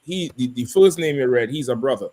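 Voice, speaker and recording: A man's voice: mid-range voice, expressive, brisk, darkish tone. A man hosting a live talk show in loose, casual chat, laughing often and swearing freely. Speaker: host.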